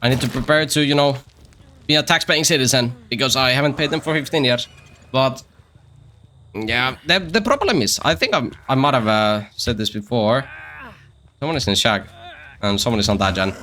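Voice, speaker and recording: Male streamer, bright and tense voice, easygoing rambling play-by-play with jokes. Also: mid-range voice, moderate pace, slight background noise. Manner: rambling, joking, talks to himself and other players. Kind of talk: casual live-stream gameplay commentary.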